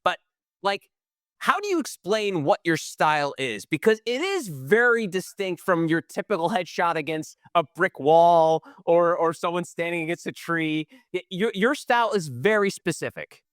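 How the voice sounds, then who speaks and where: A male podcast host with a smooth, resonant voice pitched a little high. He asks questions in a chatty, enthusiastic way. The recording is close and dry. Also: lively intonation, moderate pace, fairly bright tone, no room sound. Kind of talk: casual interview hosting.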